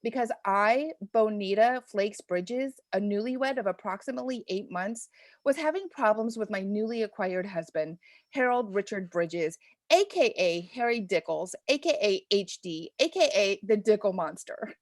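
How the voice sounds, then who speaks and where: A woman reading her own deliberately awful first chapter aloud, with a sly, mock-breathless comic delivery. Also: medium pitch, expressive, no echo, studio quality. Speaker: guest author reading a parody chapter.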